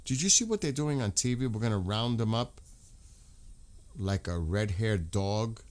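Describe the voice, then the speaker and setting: An American man with a fairly low voice talks on a casual livestream. He gets heated, circles back over the same points and swears freely. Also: expressive, unhurried, a little mellow. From United States. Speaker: livestream host.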